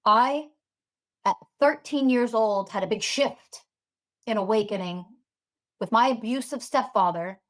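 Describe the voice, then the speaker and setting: A woman's voice: on the high side, measured pace. A woman hosting a podcast as a spiritual teacher, delivering a heated, profane monologue full of sarcastic rhetorical questions.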